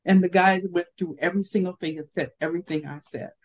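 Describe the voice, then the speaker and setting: With a fairly low pitch and a fast delivery, an older woman co-host recounts a work story on a casual podcast, performing the quoted voices of its characters with animation. The recording is rough.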